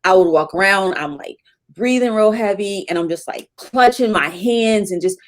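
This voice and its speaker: A woman's voice: medium pitch, moderate pace. A middle-aged woman telling a candid personal story as an interview guest, with many fillers.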